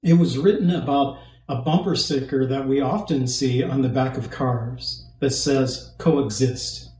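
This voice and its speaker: A male pastor preaching a sermon, emphatic, with pauses and rhetorical questions. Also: medium pitch, darkish tone, roomy sound, low-quality recording.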